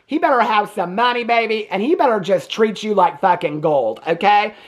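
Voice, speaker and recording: A woman's voice: mid-range voice, animated, moderate pace. A woman with a Southern US accent giving a sassy, chatty movie review, laughing often and tossing in "baby" and "okay?" as she talks. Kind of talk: casual movie review rant.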